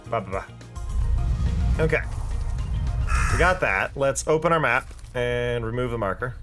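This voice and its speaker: A man's voice: mid-range voice, moderate pace, a bit bright, faint music behind. A man streaming a game, chatting casually and playfully while reading dialogue aloud. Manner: chatty, playful, makes silly sound effects.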